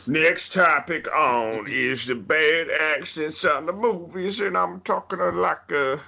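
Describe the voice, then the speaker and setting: A man co-hosting a casual movie podcast, halting and playful, with lots of fillers. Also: a little high, creaky, bright, forceful tone, highs cut off. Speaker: podcast co-host. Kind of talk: casual banter about movies.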